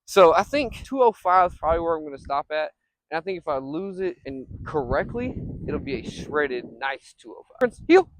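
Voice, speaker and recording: In a rough recording with no room sound, a young man speaks briskly in a slightly high, somewhat bright, animated voice. He's a vlogger and software business owner rambling casually in a field, pausing sometimes to call for his dog.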